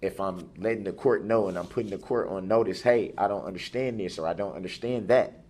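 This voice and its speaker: A man making a formal, halting statement to a judge in court, speaking deliberately and restarting words. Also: low voice, a little mellow. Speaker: defendant addressing a judge.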